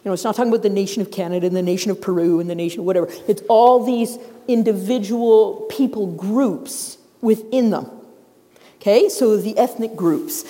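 A middle-aged woman preaching a sermon in a church, telling the story in a lively way and acting out the characters' voices. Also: medium pitch. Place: church sanctuary. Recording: long reverb of a large hall.

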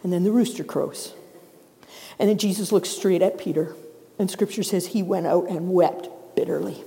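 A woman's voice: fairly low pitch, moderate pace, creaky. Woman preaching in a reverberant hall. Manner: lively storytelling, acts out voices of characters. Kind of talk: sermon. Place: church sanctuary. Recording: long reverb of a large hall.

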